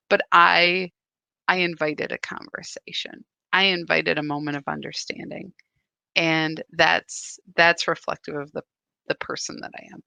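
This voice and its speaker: A woman's voice: lowish voice, moderate pace, gravelly, bright, forceful tone, no room sound, rough recording. A woman, a spiritual guide, giving a casual live-streamed talk in a conversational, rambling way that keeps checking in with "right?".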